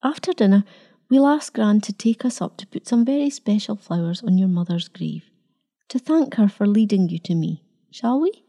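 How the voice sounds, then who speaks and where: A woman voicing a tender, unsure young wife in a storybook reading, husky and half-whispered. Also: medium pitch, animated, moderate pace, dark tone. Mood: gentle.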